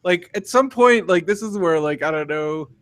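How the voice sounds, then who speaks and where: A man's voice: sits high, lively intonation, moderate pace, fairly bright tone. A young man co-hosting a podcast in casual chat, loose and profane, full of fillers and restarts. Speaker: podcast co-host.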